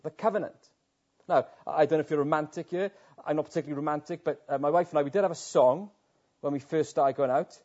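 A man's voice: fairly high pitch, quick pace, darkish tone. A man preaching a sermon in an earnest manner, building to impassioned emphasis. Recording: dull lo-fi sound.

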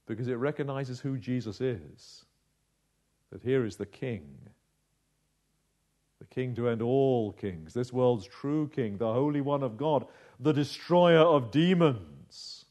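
A man preaching a sermon in a dramatic, measured way, slowing down to stress key phrases. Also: medium pitch, a little mellow. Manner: dramatic, measured delivery with slowed emphasis.

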